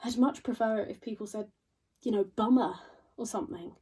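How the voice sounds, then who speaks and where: A sardonic young woman in her twenties delivers a stage monologue full of dry, crude asides. Her voice is dark and a little husky. She sounds a touch distant from the mic. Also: fairly high pitch, a little fast. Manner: wry, deadpan, crude asides. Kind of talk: theatrical monologue.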